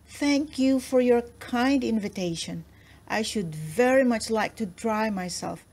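A woman voicing a polite, gentle male teddy bear in a storybook read-aloud. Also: fairly high pitch, a little slow. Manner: polite and proper.

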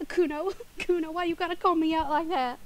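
Chatty and giggly, this Southern woman streamer has a high, bright voice and a Tennessee-area accent from the southeastern US. Her casual gaming-stream talk is picked up by a desk microphone, and she now and then stumbles or stutters over words.

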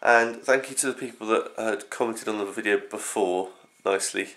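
Young man, rambling vlogger, just woke up, croaky morning voice, lower pitch. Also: normal speed, a bit bright. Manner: rambling, scattered. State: groggy morning voice. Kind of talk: casual early morning vlog.

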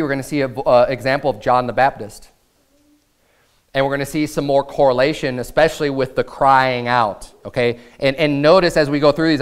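A man pastor preaching a sermon in a church, reading scripture in a measured cadence and swelling into raised, emphatic passages. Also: medium pitch, smooth. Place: church sanctuary.

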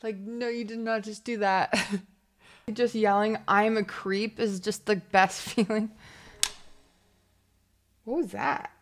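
A woman's voice: mid-range voice, steady tone, takes it slowly, long pauses. A woman streamer chatting casually on a livestream and laughing often. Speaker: Twitch streamer.

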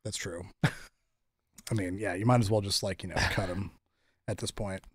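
A man's voice: low-pitched, fairly even intonation, moderate pace, breathy edge, dry recording, clean studio sound. A young man hosting a casual fantasy football podcast, joking and running the segments. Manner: laid-back, joking, runs the segments. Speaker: podcast host.

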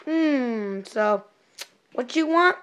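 A sassy woman in a rather high register plays a cashier in an improvised comedy sketch. She teases customers, swinging between lilting greetings and low, mocking asides. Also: lively intonation, very slow, fairly bright tone, smooth. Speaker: playing a fast-food cashier. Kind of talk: improvised comedy role-play.

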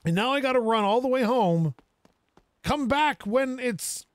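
A young man giving casual let's-play commentary, excitable and self-mocking, talking to himself as he plays. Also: very high voice, a little slow, no room sound. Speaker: gaming video creator.

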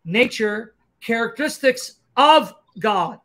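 High, bright-voiced man lecturing emphatically. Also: animated. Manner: fast, emphatic, combative, lecturing. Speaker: Christian apologist host. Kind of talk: livestream teaching Q&A.

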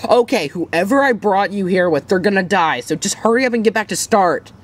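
A woman's voice: mid-range voice, lively intonation, fairly quick, close to an everyday voice. A woman voicing a bossy, weary master of a deadly game in a fan-made puppet drama, talking curtly and coldly. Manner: curt, cold and bossy.

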